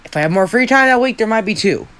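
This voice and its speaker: A man's voice: high-pitched, animated, fast talker, a bit bright, smooth. A young man who hosts a fan-story channel, telling an improvised story in a rambling, self-deprecating way with a lot of swearing.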